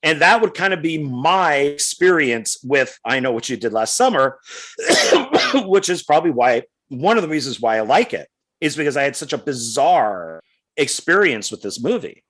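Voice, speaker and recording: A middle-aged man co-hosting a podcast, telling a rambling story in a casual, animated way. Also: fairly high pitch, normal speed. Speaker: podcast co-host.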